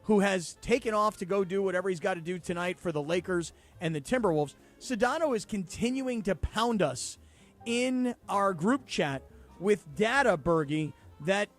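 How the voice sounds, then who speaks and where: High-voiced male radio host making bold calls. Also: lively intonation, moderate pace, soft background music. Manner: confident, opinionated predictions. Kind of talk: sports radio banter. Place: radio studio.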